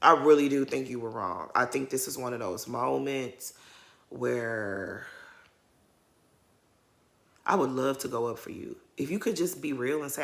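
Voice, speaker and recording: A woman giving opinionated, animated commentary as she recaps a reality TV episode for her viewers. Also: extremely low pitch, measured pace, vocal fry, long pauses. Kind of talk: casual commentary vlog.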